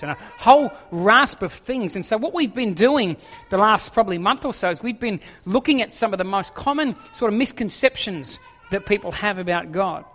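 A man with a high, bright voice preaches in a casual, joking way, tripping over his words and repeating them as he goes. His voice rings out with a long hall reverb around it. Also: animated, normal speed. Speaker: pastor. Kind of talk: sermon with jokes.

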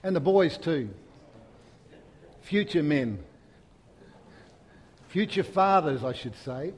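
A man preaching with real passion, his fairly high voice climbing to loud, emphatic peaks before sinking back to a hush. The church hall rings with long reverb behind every phrase. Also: expressive, takes it slowly, slightly rough. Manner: impassioned, rising to loud emphatic peaks then dropping soft. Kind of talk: sermon.

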